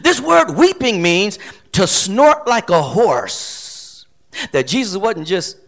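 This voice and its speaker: A middle-aged man from Flint, Michigan preaching a sermon, repeating phrases and building to shouts. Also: high-pitched, very animated, takes it slowly, gravelly. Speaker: pastor.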